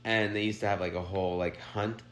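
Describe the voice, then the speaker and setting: A man's voice: on the low side, echoey room, a little hiss or hum. A man co-hosting a podcast, chatting casually and riffing on jokes with his co-hosts. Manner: joking, animated, quick to riff. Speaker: podcast co-host. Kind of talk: casual chat.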